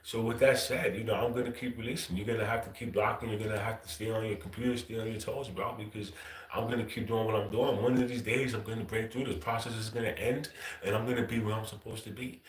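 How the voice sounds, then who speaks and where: A man's voice: fairly low pitch, fairly even intonation, quick pace, roomy sound. A man hosting his own livestream, talking in a loose, profane, casual monologue. He says "bro" constantly and chuckles often. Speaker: livestream host.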